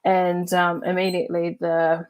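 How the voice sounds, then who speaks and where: A woman's voice: on the low side, measured pace. A woman coach telling a story and teaching in a casual, chatty way, laughing now and then and using lots of fillers. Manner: chatty and animated, laughs while telling stories; loose, with many fillers like "uh" and "like". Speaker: NLP and hypnotherapy coach.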